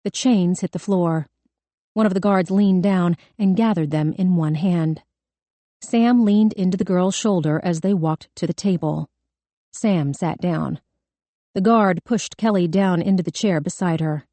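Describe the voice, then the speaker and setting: A woman reads a suspense novel aloud in a measured, tense way. Her voice sits low and mellow, and the recording is close and dry. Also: dry recording. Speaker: audiobook narrator. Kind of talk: scripted narration.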